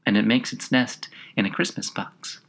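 A man reading aloud, voicing a small melancholy talking gnat with a soft, sighing, drawn-out delivery. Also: on the low side, steady tone. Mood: explaining. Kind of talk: audiobook character reading.

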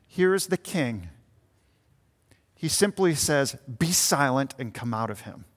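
A man's voice: fairly high pitch, a bit bright. A man, a pastor, preaching a sermon to his congregation and inviting them to picture the scene as he explains. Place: church meeting room with congregation. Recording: long hall reverb.

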